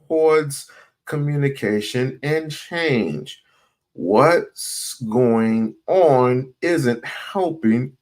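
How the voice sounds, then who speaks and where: A man hosting a livestream, talking loosely and bluntly, swearing and repeating his points. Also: mid-range voice. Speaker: livestream host. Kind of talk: casual livestream talk.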